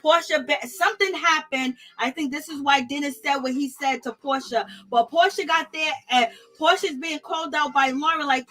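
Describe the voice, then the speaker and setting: A woman's voice: sits high, brisk. A woman host reviewing reality TV in casual, gossipy commentary, laughing often and greeting viewers in her chat. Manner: animated, gossipy, laughs often, African American Vernacular phrasing.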